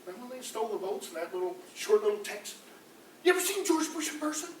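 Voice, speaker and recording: A man's voice: very high voice, quick pace, distant mic, a little hiss or hum. Rambling comic man in an echoey room. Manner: rambling, animated, jumps into mocking voices. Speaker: street comedian. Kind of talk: political stand-up comedy. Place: campus room before a live audience.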